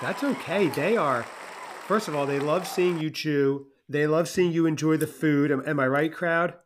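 A man hosting a laid-back snack review, playfully narrating his friend's every bite like a showman addressing a crowd. His voice sits slightly high for a man. A faint background noise hangs under the recording. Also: moderate pace. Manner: teasing, announces to listeners like a showman. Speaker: podcast host. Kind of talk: playful mock-announcer food review chat.

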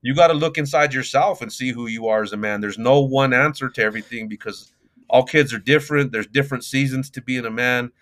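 A man's voice: medium pitch, fairly quick, fairly bright tone. A man in his forties, a youth coach and mentor, speaking as a guest in a casual podcast interview with a reflective, advice-giving manner and plenty of fillers.

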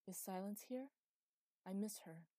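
A woman reading a story, voicing an ancient male spirit who speaks slowly and eerily through a possessed girl. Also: medium pitch, mellow, no echo, natural voice. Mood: eerie.

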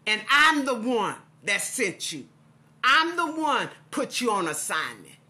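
A woman's voice: on the high side, sing-song, slow pace, sharp tone. A middle-aged woman preaching an impassioned devotional sermon with a repetitive cadence.

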